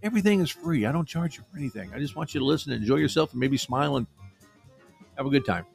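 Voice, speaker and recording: A man's voice: medium pitch, expressive, very fast, creaky, soft background music. A man from Iowa hosting a storytelling show, chatty and playful, poking fun at himself. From Iowa, USA. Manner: chatty, playful, self-mocking humor with quoted dialogue. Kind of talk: casual spoken storytelling.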